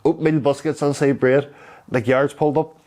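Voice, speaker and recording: A man from Derry with a Derry accent, telling stories in a rambling, halting way. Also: on the high side, fairly even intonation, a little mellow. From Derry, Northern Ireland. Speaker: interviewee. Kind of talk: casual storytelling.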